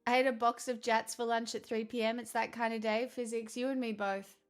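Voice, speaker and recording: Woman streamer, higher voice, relaxed matter-of-fact chat with viewers, light self-mockery. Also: a little fast, clear, resonant tone, faint music behind. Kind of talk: casual live-stream chat, answering viewer messages.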